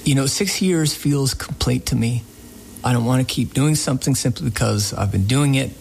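Gravelly-voiced man telling a story. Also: medium pitch, normal speed, slight background noise, poor audio. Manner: rambling anecdotal storyteller. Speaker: radio show host being interviewed. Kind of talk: relaxed storytelling in a radio interview.

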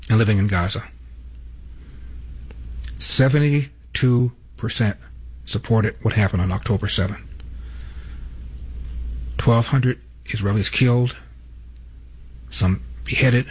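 A man's voice: mid-range voice, husky. A man hosting a political commentary show, emphatic, stating figures and introducing numbered clips. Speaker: host.

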